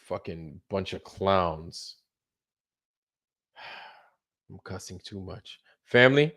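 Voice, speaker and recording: A man's voice: low-pitched, animated, extremely slow, long pauses, fairly bright tone. A man hosting a late-night livestream, rambling loosely, swearing freely and repeating himself as he trails off. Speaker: livestream host.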